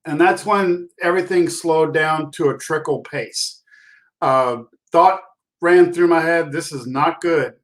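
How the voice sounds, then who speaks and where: A middle-aged man with a fairly high voice speaks as an interview guest. He tells stories in an animated, self-deprecating way, restarting his sentences often. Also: measured pace. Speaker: podcast guest, concussion awareness speaker. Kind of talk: casual interview storytelling.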